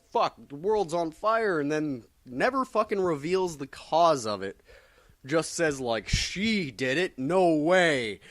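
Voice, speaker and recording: A man's voice: mid-range voice, no echo. Swearing, rambling man recapping comics. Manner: rambling, heavy swearing, filler-laden. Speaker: comic book vlogger.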